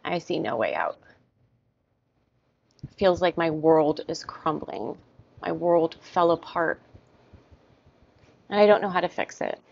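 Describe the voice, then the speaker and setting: A woman guiding an EFT tapping session, repeating short first-person statements about stress in a steady rhythm. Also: sits low, slow, creaky, long pauses. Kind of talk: guided tapping, spoken affirmations. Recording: dull lo-fi sound, dry.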